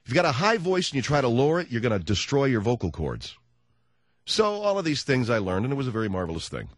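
A man's voice: mid-range voice, huge pitch swings, quick pace, no echo. A man hosting a comedic talk radio show, rambling through a sarcastic monologue.

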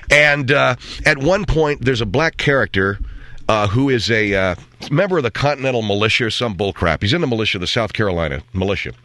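A man's voice: on the low side, fairly bright tone. A man hosting a talk show, delivering a sarcastic, rambling opinion monologue.

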